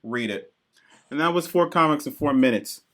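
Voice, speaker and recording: A man co-hosting a podcast, reviewing comics in excited, profane casual chat and acting out characters in quick bits. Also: a little high. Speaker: podcast co-host.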